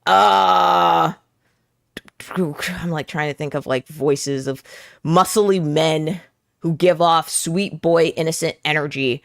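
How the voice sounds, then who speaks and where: A woman's voice: low voice, slow pace, creaky, no room sound, studio quality. A woman streaming a narrative game with casual, chatty, self-deprecating commentary. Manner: chatty and self-deprecating, full of fillers and giggles.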